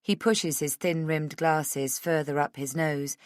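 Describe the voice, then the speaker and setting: A woman narrating a first-person thriller audiobook in a measured, intimate reading. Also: low-pitched, fairly even intonation, no room sound, clean studio sound.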